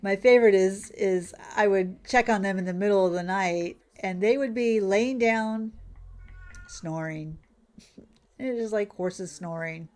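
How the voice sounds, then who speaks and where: A woman's voice: mid-range voice, darkish tone. A woman hosting a casual gameplay vlog who chats and exclaims as she plays. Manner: chatty and exclamatory, quick laughs. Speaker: gaming channel host.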